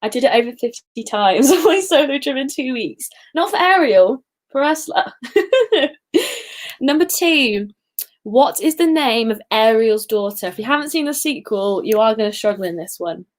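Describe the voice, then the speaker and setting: Young woman, quiz host, casual livestream chat, giggly, self-deprecating asides, slightly high voice. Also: expressive, moderate pace.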